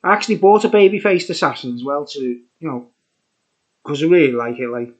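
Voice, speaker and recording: A man's voice: a little high, brisk. A tipsy man rambling through a casual beer review. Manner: rambling and chatty, full of fillers. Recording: dull lo-fi recording.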